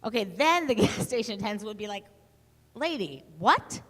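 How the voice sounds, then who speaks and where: A middle-aged woman speaking to an audience in a lively storytelling talk, acting out the voices she quotes. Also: medium pitch, fast. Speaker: conference speaker. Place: conference hall. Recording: long hall reverb.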